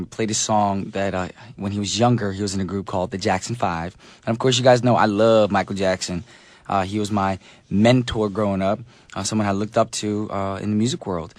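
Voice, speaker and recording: Hoarse radio DJ, chatty. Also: male voice, on the low side, fairly quick, dry recording. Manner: chatty, joking, many fillers. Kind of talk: casual radio chat.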